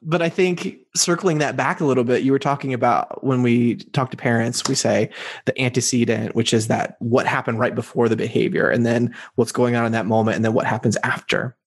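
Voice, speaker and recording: A man's voice: medium pitch, steady tone, fairly quick. A man hosting a conversational podcast interview, reflecting on his guest's story with frequent short affirmations. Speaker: podcast host.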